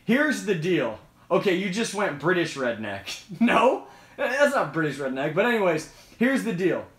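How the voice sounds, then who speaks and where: A man's voice: sits high, very animated, a little slow, reverberant. A man hosting a casual live Q&A, chatty and emphatic, repeating points as he explains. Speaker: host.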